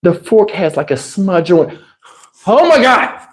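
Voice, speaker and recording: A man telling a comic story on a livestream in an animated, emphatic, slangy way, with lots of cursing, into a lapel mic. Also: sits high, unhurried. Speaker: livestream host. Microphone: wireless lapel mic.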